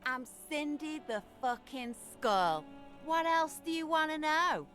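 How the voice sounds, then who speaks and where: A woman's voice: high voice, animated, slow pace, fairly bright tone, soft background music, heavily acted. A woman voicing a hostile, foul-mouthed young graffiti painter who taunts and swears, in a video game. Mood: sneering. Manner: sneering, taunting, swears a lot.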